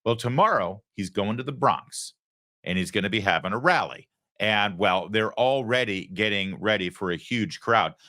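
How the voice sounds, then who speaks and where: A man's voice: on the low side, lively intonation, normal speed, pushed and bright. A man hosting a political commentary show, talking in an emphatic, sarcastic way.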